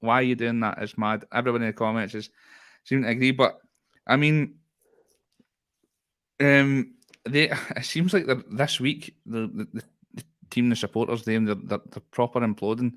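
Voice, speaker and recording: A man's voice: mid-range voice, fairly even intonation, normal speed, long pauses, fairly bright tone. Scottish guy on a fan podcast, rambling and laughing, lots of restarts, ordinary mid voice. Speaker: podcast co-host. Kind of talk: casual football chat.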